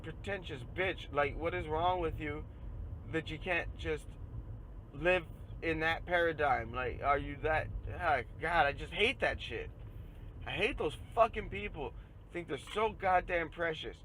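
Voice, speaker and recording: A man hosting a podcast, ranting in a casual, profane way that grows loud and heated. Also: a little high, slight background noise, poor audio. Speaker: podcast host. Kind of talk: casual rant.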